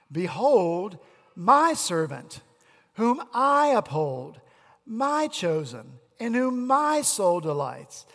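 A male pastor preaching in a church sanctuary, his voice pitched notably high and carried by a long, ringing reverb. He takes his time, building emphasis through repeated rhetorical questions. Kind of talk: sermon. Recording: echoey hall reverb.

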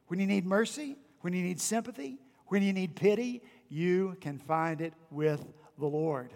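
A man's voice: high-pitched, big-room sound. A male pastor preaching a sermon, repeating phrases and asking the congregation rhetorical questions. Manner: emphatic, repetitive preaching cadence with rhetorical questions. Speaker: senior pastor. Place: church sanctuary.

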